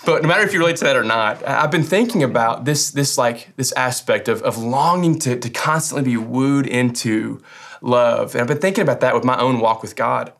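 A young man preaches a sermon in a relaxed, conversational way. He jokes with the listeners and restarts his phrases often. His voice sits at an ordinary middle pitch. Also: fairly quick, gravelly. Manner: casual, joking, hesitant restarts. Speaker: pastor.

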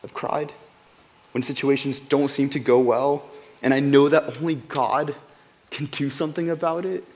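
A man gives a relaxed, heartfelt Bible devotional in a mid-range voice with fairly even intonation and a moderate pace. He often repeats words mid-thought and goes quiet at the emotional parts.

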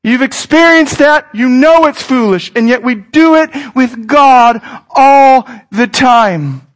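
A man's voice: very high voice, animated, takes it slowly. A man in his thirties, a pastor, preaching a sermon in an earnest, conversational way that speaks straight to his listeners.

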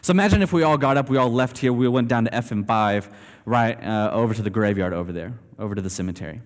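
Casual preacher in a reverberant hall. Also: male voice, fairly low pitch, fast. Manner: conversational, animated storytelling. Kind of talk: sermon.

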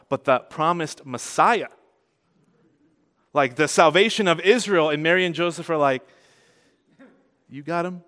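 A man preaching a sermon as a pastor, conversational and animated, growing louder and softer as he tells the story. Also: mid-range voice, smooth. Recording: long hall reverb.

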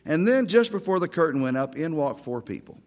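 A man's voice: fairly high pitch, very animated, a little fast, big-room sound. A middle-aged man from Oklahoma, a pastor giving a sermon, telling stories with self-deprecating humor.

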